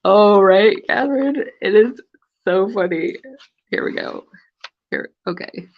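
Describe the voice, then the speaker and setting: An antique book seller hosts a casual live stream, her mid-range voice moving at a measured pace. Amused and chatty, she reads aloud from an old magazine with theatrical emphasis. The live stream audio sounds dull and lo-fi.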